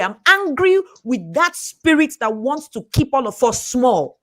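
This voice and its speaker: Woman, animated pitch, fast emphatic motivational coaching, frequent laughter. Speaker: speaker and coach. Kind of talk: motivational talk.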